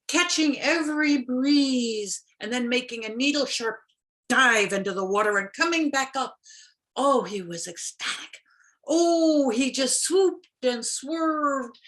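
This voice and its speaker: A woman's voice: high voice, fairly bright tone. A woman storyteller telling a folk tale expressively over a video call, with playful sound effects.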